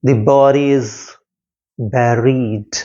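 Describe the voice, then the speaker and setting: A man explains a poem to students at a very slow, careful pace, saying key words again and again. He sounds out each syllable to show where the stress falls. The recording is dull and lo-fi. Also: medium pitch, fairly even intonation, warm tone. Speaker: English literature teacher. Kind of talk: poetry lesson explanation.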